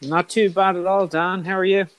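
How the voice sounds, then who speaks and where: A man's voice: high voice, flat delivery, normal speed, fairly bright tone, dull audio. A man chatting as a podcast guest, enthusiastic and rambling. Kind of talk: casual podcast chat.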